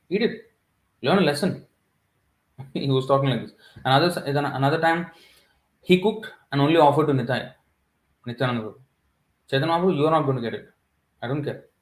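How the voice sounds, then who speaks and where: A man's voice: mid-range voice, echoey room, poor audio. A man giving a devotional scripture class, reading and explaining in a reflective way, hesitant with many fillers. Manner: reflective, hesitant with many fillers, laughs at his own points.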